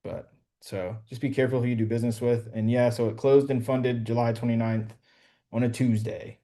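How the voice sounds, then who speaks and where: A man's voice: medium pitch, steady tone, fairly quick, warm tone. A man casually telling a story to a group on a call, slangy and profane, full of "bro" and "like". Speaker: real estate wholesaler coaching a group.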